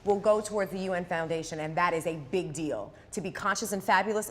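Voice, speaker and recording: A woman's voice: on the low side, fast talker, a crowd in the background. A woman co-hosting a live charity broadcast, bubbly, playful and emphatic. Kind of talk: lively live-stream chat. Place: broadcast set in Philadelphia.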